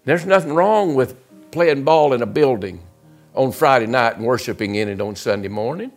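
A middle-aged man preaching in a church sanctuary, building to loud, high-pitched shouts and then dropping to soft, intimate lines. His pitch sits in an ordinary middle range. Faint music plays underneath. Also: animated, normal speed. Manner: preaching with rising shouts and sudden drops to quiet. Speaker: guest preacher. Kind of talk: impassioned sermon.

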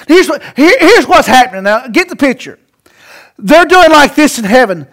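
Man, very high-pitched voice, pastor, sermon, loud-to-hushed delivery, rhetorical questions. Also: big pitch swings, moderate pace. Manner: dynamic preaching, swings from loud to hushed.

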